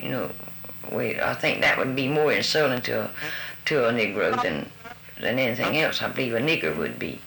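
A man's voice: mid-range voice, animated, brisk, gravelly, sharp tone. An older man answering interview questions in a folksy, easygoing way, calling the interviewer honey. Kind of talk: answering a word-list interview. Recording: roomy recording with background hiss.

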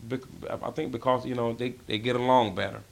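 Gravelly man, rambling with fillers. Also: medium pitch, fairly even intonation, brisk. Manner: rambling, many "you know" fillers, laughs often. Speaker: interviewee. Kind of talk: casual interview about dialect.

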